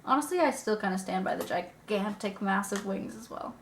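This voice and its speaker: A woman's voice: medium pitch, fairly quick. Young female vlogger, sniffly, self-mocking and sweary, recorded in an echoey room with faint background hiss. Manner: self-deprecating, swears casually, drifts into mutters. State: sniffly, getting over an illness. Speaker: beauty vlogger. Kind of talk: casual chat while doing makeup.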